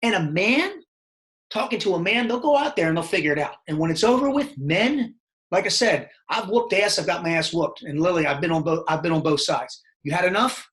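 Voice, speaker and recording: A middle-aged man from Baltimore, Maryland, speaks in a fairly quick, high-sitting voice. He's a podcast guest in a casual interview, telling rambling, profane stories with a lot of animation.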